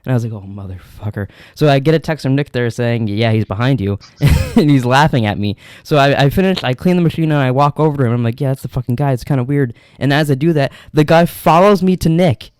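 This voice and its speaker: Fast-talking young man telling stories. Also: medium pitch, darkish tone, clean tone, dry recording, studio quality. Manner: rambling, profane, laughs through stories. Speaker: podcast co-host. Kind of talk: casual chat, storytelling.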